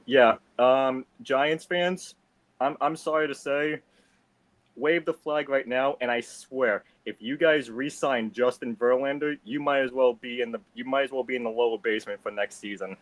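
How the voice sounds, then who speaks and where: A man's voice: medium pitch, steady tone, normal speed, no room sound. A man from Massachusetts on a casual sports talk stream, giving blunt predictions and stumbling over repeated words. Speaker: guest panelist.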